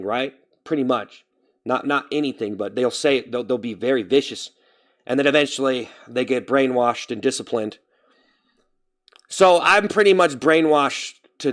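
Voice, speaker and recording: A man talking casually to his live-stream chat, rambling and often stopping to restart and correct himself. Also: medium pitch. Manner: talks straight to chat, reading out names.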